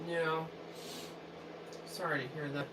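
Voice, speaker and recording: A woman co-hosts a hockey livestream, chatting and reading viewer messages aloud in a friendly, sympathetic way. She sits back from the microphone, so her voice sounds distant. Clear background noise runs under everything she says. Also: low-pitched, flat delivery, slow. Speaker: livestream co-host reading chat. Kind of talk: casual hockey watch-along chat. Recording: distant mic with noisy background.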